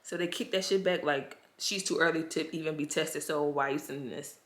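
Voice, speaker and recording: A woman's voice: low voice, a little fast. A woman vlogging straight to camera. She is stressed and overwhelmed, and she talks to her viewers in an emotional, frustrated and anxious way, often calling them "y'all.". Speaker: pregnancy vlogger. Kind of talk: casual talk to camera.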